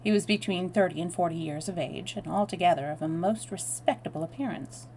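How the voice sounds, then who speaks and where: A woman's voice: fairly low pitch, fairly quick, darkish tone, a little hiss or hum, rough recording. A woman reading a novel aloud on a live stream, with chatty asides to her viewers. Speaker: storytelling streamer.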